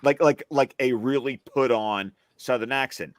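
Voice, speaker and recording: A man's voice: medium pitch, moderate pace, no echo. Chatty man with trained neutral diction. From Alabama, US South. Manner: chatty, rambling storyteller. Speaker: film podcast panelist. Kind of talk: casual panel chat.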